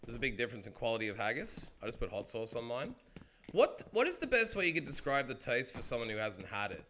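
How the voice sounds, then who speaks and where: An Australian man streaming a game, chatting casually with viewers in an excitable, rambling way and swearing freely. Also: medium pitch, fast talker, a little hiss or hum. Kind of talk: casual chat while gaming.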